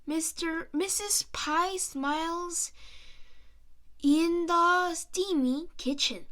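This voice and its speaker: A woman reading a children's picture book aloud in a slow, sing-song way, playing up sound words and animal noises. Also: extremely high pitch, fairly bright tone. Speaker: storyteller.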